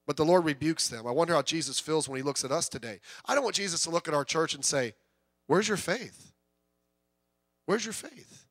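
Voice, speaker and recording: A middle-aged male pastor preaching with a high, bright voice. His delivery mixes easy, joking asides with rising bursts of intensity. The sound is dry and close, with little room echo. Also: fast talker, hardly any pauses. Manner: conversational preaching with humor and swells of intensity. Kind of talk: sermon.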